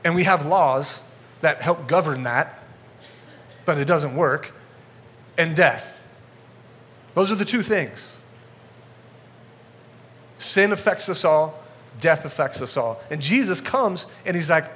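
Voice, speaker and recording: A male pastor preaching a sermon to a congregation in a church, energetic and conversational, getting fired up as he talks. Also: fairly high pitch, slow pace, pauses often.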